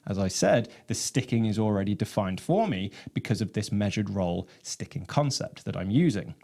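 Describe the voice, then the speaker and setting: A man teaching about his own snare drum composition, explaining rhythms in a measured way and counting them aloud. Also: on the low side, animated, creaky, a little mellow. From England.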